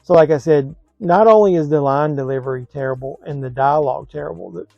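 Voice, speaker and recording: A man's voice: fairly high pitch, fairly quick, creaky, muffled recording, faint music behind. A man giving a blunt, scathing movie review in a casual vlog, sounding exasperated.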